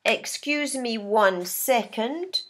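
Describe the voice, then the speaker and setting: A woman from Scotland teaching an English lesson on feeling words, speaking deliberately and acting out example sentences. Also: fairly high pitch, lively intonation, fairly bright tone. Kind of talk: slow classroom English lesson. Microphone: filmed speaking, writing on a board.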